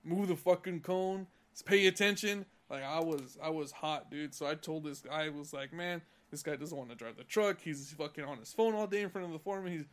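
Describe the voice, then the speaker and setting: A man's voice: on the high side, fairly quick, few pauses. A young man from California on a casual podcast, telling a profane, heated story about work. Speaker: podcast co-host.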